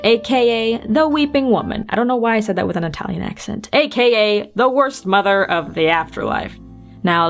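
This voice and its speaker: A woman host narrating folklore with dry, sarcastic asides in a casual storytelling style. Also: medium pitch.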